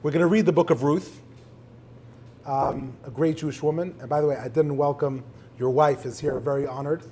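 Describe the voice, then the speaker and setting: A man's voice: a little high, fairly even intonation, moderate pace, warm tone, a little hiss or hum. A man, a rabbi, interviewing a guest in front of an audience in a synagogue, telling stories with energy and quoting prayers in Hebrew. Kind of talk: live conversation before an audience.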